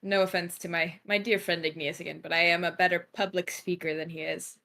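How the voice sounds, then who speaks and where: A woman playing a confident council lady in a tabletop game, bright edge, lowish, calm and measured. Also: gravelly. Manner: measured, self-assured, with hesitant fillers.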